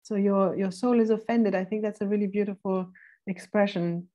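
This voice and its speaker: Mellow-voiced woman leading a seminar. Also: medium pitch, steady tone. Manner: thoughtful, pauses to look up verse numbers; reads quoted passages slowly and deliberately. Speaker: seminar instructor. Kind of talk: philosophy seminar lecture.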